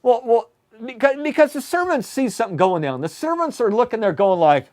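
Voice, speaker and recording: A man's voice: extremely high pitch, very animated, brisk, darkish tone. A man preaching a sermon lesson, retelling the scripture story with emphatic storytelling and frequent restarts.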